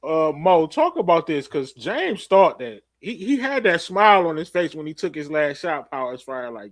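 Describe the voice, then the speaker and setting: Animated man host, dry close sound. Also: on the high side, measured pace, no room sound. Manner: animated storytelling recap, laughing. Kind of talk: casual live-stream show chat.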